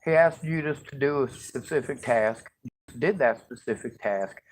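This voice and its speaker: A man's voice: mid-range voice, normal speed. A man in casual talk outdoors, explaining history and cracking wry jokes. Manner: lecturing, wry, joking. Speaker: conversation participant. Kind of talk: casual chat. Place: outdoors near a street. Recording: noisy outdoor recording with traffic.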